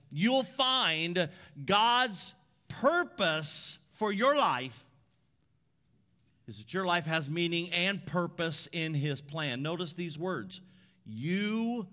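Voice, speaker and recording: A man preaching in a church with a notably high voice. He leads with strong emphasis and turns often to the congregation. The sound carries a long hall reverb. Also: bright, forceful tone. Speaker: pastor. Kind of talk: sermon. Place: church sanctuary.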